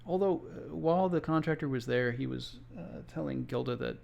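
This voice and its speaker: Gravelly-voiced man telling a work story. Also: mid-range voice, moderate pace, darkish tone, lo-fi sound. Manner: conversational, with exasperated asides. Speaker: home inspector. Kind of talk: casual first-person storytelling. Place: Florida.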